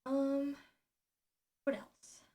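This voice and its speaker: A woman from the United States in her late twenties chats casually on a live stream from home, speaking into a boom microphone. She sounds relaxed, talks very slowly, and fills her speech with ums.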